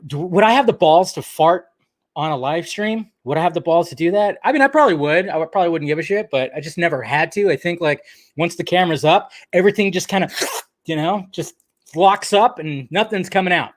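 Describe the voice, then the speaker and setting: A man's voice: on the high side, a little fast, no echo, studio quality. Chatty man hosting a live stream. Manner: chatty, greets viewers by name, jokey asides. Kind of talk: casual live stream chat.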